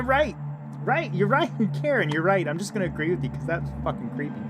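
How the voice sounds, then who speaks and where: A man playing a horror game, reading the on-screen text aloud in a low murmur and reacting with loud, startled outbursts. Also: lively intonation, normal speed. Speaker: gaming video creator. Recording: loud game music under the voice.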